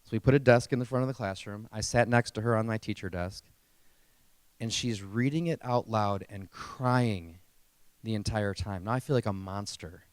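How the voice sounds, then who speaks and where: A man's voice: lowish voice, moderate pace, clean tone, no echo. A man who teaches speech, giving a motivational keynote to parents and telling stories in an earnest, emotional and emphatic way.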